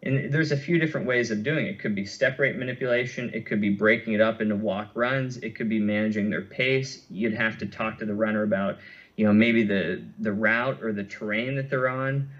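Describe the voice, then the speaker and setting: A man's voice: fairly low pitch, fairly quick, fairly bright tone. Man explaining, muffled lo-fi audio. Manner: thoughtful, many fillers and restarts. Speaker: running injury clinician, guest. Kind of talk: conversational expert explanation.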